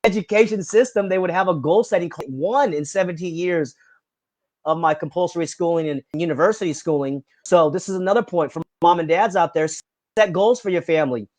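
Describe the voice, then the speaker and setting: A man with a fairly high voice speaks as a guest on a podcast. His talk is earnest and passionate, rambling from one idea to the next in a casual, conversational way. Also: a little fast, a little mellow, no echo.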